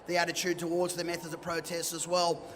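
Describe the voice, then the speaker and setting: A middle-aged man with an Australian accent tells stories from the stage in a chatty, self-deprecating way. His voice sits high for a man and sounds bright and forceful. It rings with the long reverb of a hall. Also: monotone, fast, slight background noise. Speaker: event speaker and MC. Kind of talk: personal storytelling talk. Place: event hall.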